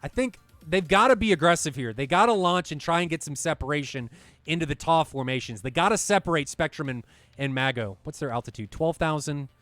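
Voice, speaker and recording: A male commentator calls an air combat match play by play, talking straight to the viewers and getting loud when the action peaks. His voice sits high for a man, and the sound is dry and close. Faint music plays behind him. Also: no room sound. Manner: excitable, talks to the viewers directly. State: out of breath at times. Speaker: esports commentator.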